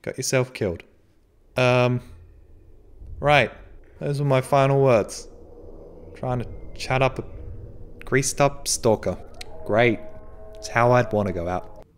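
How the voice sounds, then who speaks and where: Smooth and medium-pitched, this man talks slowly with frequent pauses as he hosts a let's play of a horror game. His commentary is crude and full of jokes, and he yelps in surprise when scared.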